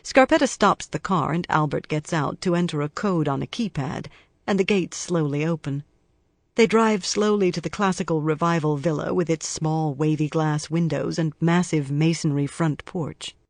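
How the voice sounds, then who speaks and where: An audiobook narrator reading a crime novel in an even, measured storytelling manner. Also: mid-range voice, no echo, clean studio sound.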